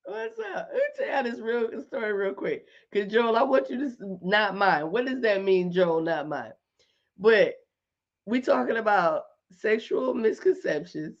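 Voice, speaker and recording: A middle-aged woman hosting a casual live chat with her viewers, talking in an animated way, repeating points for emphasis and laughing often. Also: medium pitch, a little slow, highs cut off. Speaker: host.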